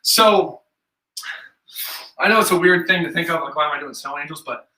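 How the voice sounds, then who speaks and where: A man's voice: on the high side, normal speed, pushed and bright. A young man with an upstate New York accent leading a live follow-along workout, counting reps aloud and chatting casually between sets. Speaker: fitness instructor. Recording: echoey room, voice from a distance.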